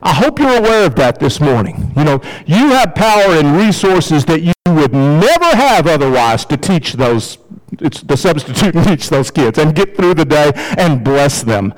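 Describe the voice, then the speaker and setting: A man preaching a sermon as pastor, in a conversational, emphatic way, with sudden rises in pitch for emphasis. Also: big pitch swings, moderate pace, rough recording.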